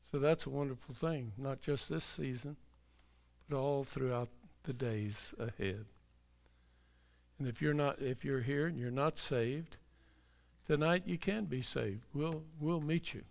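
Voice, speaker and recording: A man's voice: mid-range voice, measured pace, creaky. A middle-aged male pastor preaching in a church, telling a folksy story before turning to an earnest call to faith. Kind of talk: sermon.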